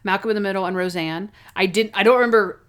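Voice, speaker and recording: A woman co-hosting a podcast, chatting casually in a rambling recap full of quick asides. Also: medium pitch, a bit bright. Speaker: podcast co-host. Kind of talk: casual chat.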